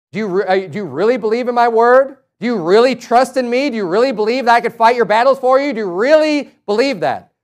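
A man preaching a sermon, reading scripture aloud and rising to emphatic, raised passages. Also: sits high.

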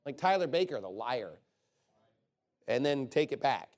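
A man's voice: mid-range voice, very animated, unhurried, a little mellow. A man preaching a sermon in an emphatic, conversational way, often asking rhetorical questions.

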